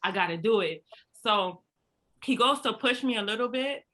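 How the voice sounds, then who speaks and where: A young woman from Brooklyn, telling a story in casual chat, animated and slangy. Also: fairly high pitch, normal speed. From Brooklyn, USA. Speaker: book club host.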